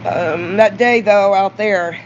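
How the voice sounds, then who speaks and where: A woman's voice: medium pitch, slow pace, a little hiss or hum. A middle-aged woman from Mississippi with a Southern accent, rambling bluntly and profanely to camera in a confessional vlog, voice rising at times. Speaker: vlogger. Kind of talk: raw confessional monologue to camera. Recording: dull lo-fi recording.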